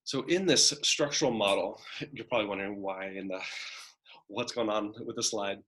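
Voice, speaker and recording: A man's voice: fairly low pitch, normal speed, a bit bright. A man teaching a college psychology lecture in a conversational way, often tagging points with "right?" and "kind of". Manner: acts out a demanding child's voice in examples. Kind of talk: recorded classroom lecture.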